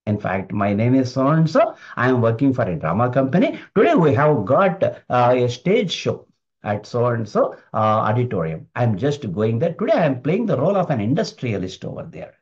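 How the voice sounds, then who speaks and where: A man's voice: mid-range voice, big pitch swings, normal speed, a little mellow, voice pushed down, close to an everyday voice. A man voicing a blunt, uneducated village man who talks plainly, on a dull lo-fi recording.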